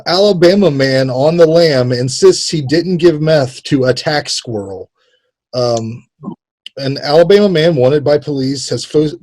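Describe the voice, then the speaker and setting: A man's voice: medium pitch, a little mellow. Laughing male podcast co-host. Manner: laughs often, reads headlines, puts on joking drawls. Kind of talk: casual comedy podcast chat.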